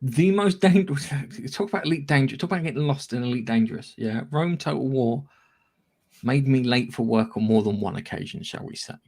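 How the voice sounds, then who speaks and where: Man, podcast co-host, rambling, swears freely, laughs often, mid-pitched voice. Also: fairly quick, darkish tone. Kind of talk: casual chat.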